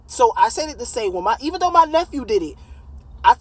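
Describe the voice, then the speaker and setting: A woman in her late thirties telling a personal story in a casual, blunt, animated way, swearing freely. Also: a little high, brisk, slightly rough, low-quality recording. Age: late 30s.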